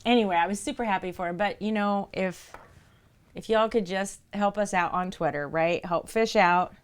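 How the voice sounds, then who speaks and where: Animated woman streamer telling a story. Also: mid-range voice, normal speed, smooth. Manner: animated storytelling, addressing viewers directly. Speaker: live streamer. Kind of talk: casual chat.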